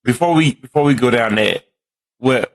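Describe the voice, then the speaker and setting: A man's voice: medium pitch, normal speed, poor audio. A man hosting a podcast, casually asking his father questions in a loose, rambling way. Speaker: podcast host, the guest's son. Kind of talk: casual conversation.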